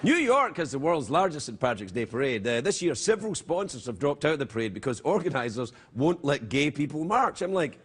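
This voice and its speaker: Animated Scottish late-night host, scratchy. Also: male voice, a little high, brisk, few pauses, husky. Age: middle-aged. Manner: animated, jokey, mock-outraged outbursts. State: scratchy, throat-clearing voice. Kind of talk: comedic monologue and banter. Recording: TV studio with loud audience.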